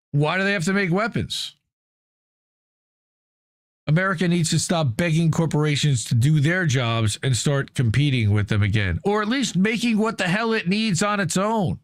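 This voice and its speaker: Brief: male host, higher-pitched voice, casual profane commentary, reads then riffs, dry close mic. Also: no room sound. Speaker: news show host. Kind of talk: casual commentary reading and reacting to an article.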